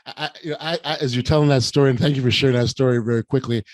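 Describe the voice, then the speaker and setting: A man's voice: mid-range voice, very fast, no echo. A middle-aged man hosting a podcast conversation, telling a story with lots of restarts and emotion. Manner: animated, stammering restarts, emotional retelling. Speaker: podcast host. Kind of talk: casual conversation.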